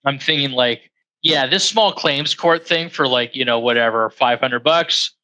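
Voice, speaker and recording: A man's voice: medium pitch, unhurried, bright, forceful tone, no room sound, low-quality recording. A man co-hosting a podcast, telling a rambling, profane story in casual chat. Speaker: podcast co-host.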